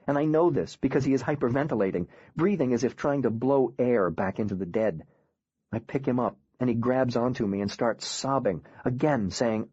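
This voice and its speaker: A man reading a first-person audiobook in a quiet, grave, measured way. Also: mid-range voice, dry recording, dull audio. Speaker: audiobook narrator.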